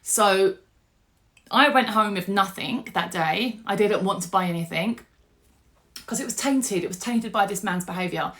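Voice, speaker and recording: A middle-aged woman, telling a personal story to camera in a chatty, animated way. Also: medium pitch, normal speed. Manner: animated, chatty, with fillers and restarts. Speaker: vlogger.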